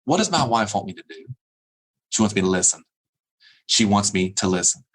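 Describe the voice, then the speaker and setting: A man's voice: on the low side, lively intonation, fairly quick, a bit bright, low-quality recording. A middle-aged man giving a humorous keynote speech. He laughs often at his own jokes and repeats phrases for emphasis. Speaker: keynote speaker.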